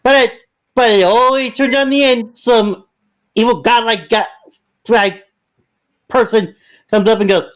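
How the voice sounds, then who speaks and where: A speaker in casual chat with friends, halting and repeating words while making a point. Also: mid-range voice, steady tone. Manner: halting and repetitive.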